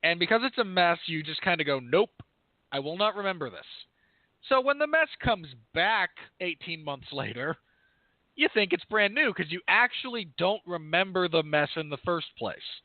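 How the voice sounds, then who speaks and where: A man's voice: high-pitched, expressive, moderate pace, dry recording. A man co-hosting a film review podcast, talking in a rambling, candid, self-correcting way. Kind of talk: casual review chat. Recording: tinny phone-like line, dry.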